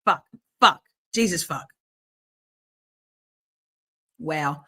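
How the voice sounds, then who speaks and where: Chatty middle-aged woman streamer, a touch low. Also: lively intonation, slow pace, sharp tone. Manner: chatty and swearing, frequent throat clearing and restarts. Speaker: livestream host. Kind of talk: casual livestream chat.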